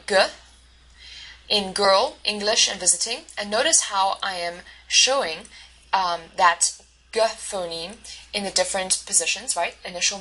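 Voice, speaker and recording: A woman's voice: medium pitch, bright, forceful tone, a little hiss or hum, poor audio. A woman instructor giving a recorded lecture, explaining step by step with fillers and self-corrections.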